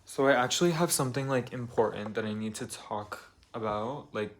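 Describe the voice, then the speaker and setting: A young man in his apartment, talking calmly and confessionally to camera in a soft, rambling way full of fillers. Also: medium pitch, normal speed, a little hiss or hum. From United States. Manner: calm, soft-spoken, rambling with many fillers. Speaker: vlogger. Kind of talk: confessional vlog talk.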